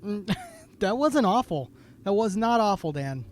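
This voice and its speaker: A man's voice: sits high, very animated, measured pace, slight background noise. A young man co-hosting a podcast, speaking hesitantly and self-deprecatingly in a casual chat. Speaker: podcast co-host.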